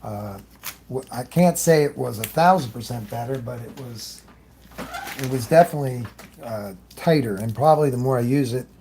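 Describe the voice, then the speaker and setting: A man's voice: medium pitch, moderate pace, dark tone, slight background noise. A man hosting a live airbrush demonstration, chatting loosely as he works, greeting viewers and often trailing off mid-thought. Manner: talks while working, trailing off often. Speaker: airbrush artist hosting a livestream.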